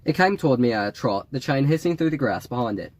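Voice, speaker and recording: A man reading an audiobook in a wry, measured storytelling manner. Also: mid-range voice, expressive, no echo. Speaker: audiobook reader. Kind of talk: audiobook narration.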